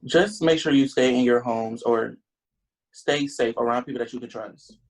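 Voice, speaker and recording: Outspoken co-host with a low voice. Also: normal speed, a little mellow, poor audio. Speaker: podcast co-host. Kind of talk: casual opinionated group chat.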